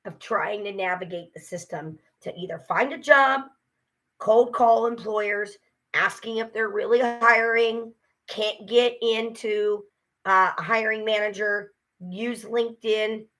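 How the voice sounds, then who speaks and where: A woman's voice: medium pitch, steady tone, moderate pace, fairly bright tone. A tired woman ranting casually to camera, frustrated and swearing as she vents. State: exhausted. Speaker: vlogger. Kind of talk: casual vlog rant.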